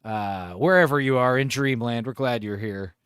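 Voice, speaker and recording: A man's voice: medium pitch, normal speed, clear, resonant tone, no room sound, clean studio sound. A man hosting a casual livestream, rambling and chuckling as he chats. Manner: rambling, chuckling, with lively intonation. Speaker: streamer host.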